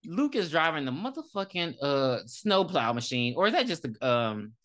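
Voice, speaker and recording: A woman co-hosting a podcast, recapping a movie in casual, profane, animated storytelling. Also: sits low, moderate pace. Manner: animated, profane storytelling with dramatic quoted lines. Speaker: podcast co-host. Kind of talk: casual movie review chat.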